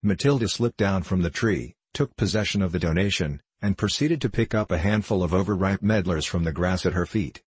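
A man reading a short story aloud in a measured, dryly ironic way. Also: low-pitched, husky, no echo. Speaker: narrator.

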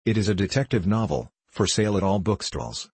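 A man's voice: lowish voice, sing-song, brisk, darkish tone, husky, no room sound. A man voicing an agitated British politician who talks eagerly and tensely. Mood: confiding.

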